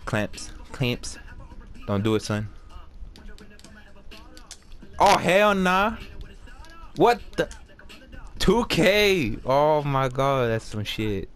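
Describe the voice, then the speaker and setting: A man giving casual, excitable commentary while playing a basketball video game, swearing and trash-talking. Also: mid-range voice, slow pace, long pauses, smooth, faint music behind. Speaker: gameplay commentator.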